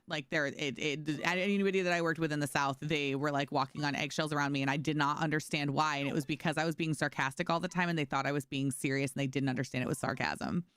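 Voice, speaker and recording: A woman's voice: sits low, fairly bright tone, clean tone, no echo, clean studio sound. A woman from New York streaming a game, reading chat aloud and answering it in a chatty, sarcastic way. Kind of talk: casual chat with stream chat while gaming.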